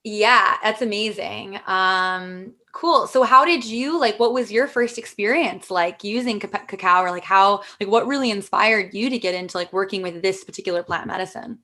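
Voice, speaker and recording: A woman with a bright voice hosts a podcast interview. She chats casually and sounds eager and encouraging, with many fillers. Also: medium pitch, normal speed, hardly any pauses. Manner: enthusiastic, affirming, lots of fillers. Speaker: podcast host.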